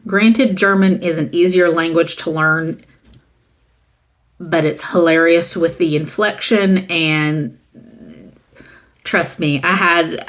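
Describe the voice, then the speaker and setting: A middle-aged woman from the American South, chatting casually and rambling as she shows a used book haul and reads the titles aloud. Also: on the low side. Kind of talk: casual chat.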